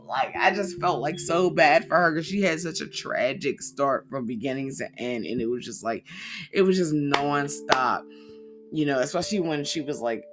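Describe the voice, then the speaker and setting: A woman's voice: deep voice, moderate pace, music in the background. A woman co-hosting a casual horror movie podcast, rambling and acting out scenes as she talks. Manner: rambling, laughs easily, mimics characters. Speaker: podcast co-host. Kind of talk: casual movie review chat.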